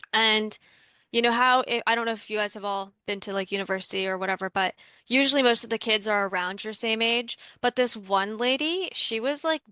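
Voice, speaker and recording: A woman's voice: mid-range voice, pushed and bright, smooth, no echo. A young woman from Canada telling a personal story in a casual, chatty way, full of "like" fillers, as a workshop participant.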